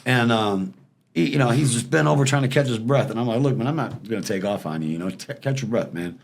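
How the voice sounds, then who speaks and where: A man's voice: medium pitch, gravelly, slight background noise. A man casually telling stories as a podcast guest, acting out the people in them. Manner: fast, animated storyteller acting out quoted people. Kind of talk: casual storytelling.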